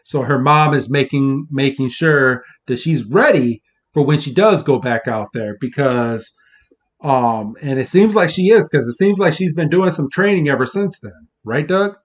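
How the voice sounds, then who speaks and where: A man co-hosting a podcast, recapping an episode in casual chat with frequent restarts. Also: mid-range voice. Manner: halting, stop-start delivery. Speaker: podcast co-host. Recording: dull lo-fi audio.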